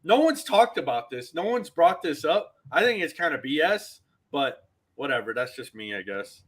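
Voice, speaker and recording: A man's voice: fairly high pitch, big pitch swings, normal speed, husky. A man co-hosting a wrestling podcast, talking in an emphatic, ranting way and repeating himself to make his point. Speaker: podcast co-host. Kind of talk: casual wrestling chat.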